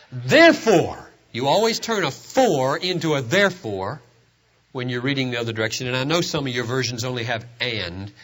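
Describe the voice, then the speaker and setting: Lively, high-pitched preaching man. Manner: emphatic, lively preaching, stretching key words. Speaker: pastor. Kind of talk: sermon.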